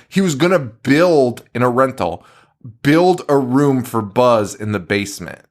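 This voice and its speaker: A man's voice: medium pitch, moderate pace. Swearing, rambling male podcast co-host. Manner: swears constantly, animated storytelling. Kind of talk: casual chat. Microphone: remote recording.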